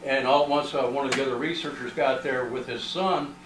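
A man's voice: medium pitch, steady tone, a little fast. Rambling man telling a story in a roomy hall. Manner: rambling, with frequent "uh" and "you know" fillers. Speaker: researcher presenting findings. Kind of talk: storytelling talk to an audience. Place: library meeting room. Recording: roomy, distant, with faint noise.

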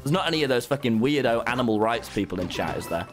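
A man streaming a game live, excitable and swearing, talking back to his chat. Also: mid-range voice, fast talker, few pauses, music in the background. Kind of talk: live gameplay commentary.

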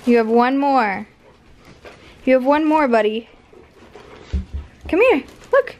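A woman's voice: on the high side, unhurried, a little mellow, a little hiss or hum. A woman filming at home at Christmas, coaxing her dogs to open presents and voicing their thoughts in a playful way. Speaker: vlogger. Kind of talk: home video, talking to pet dogs.

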